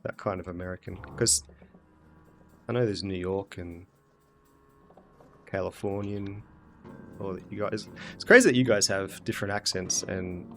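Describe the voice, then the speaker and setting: An Australian man talks through a game stream in an easy, muttering way, thinking aloud as he plays. His voice sits low and carries a rough, gravelly fry. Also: steady tone, a little slow, long pauses. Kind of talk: casual gameplay commentary.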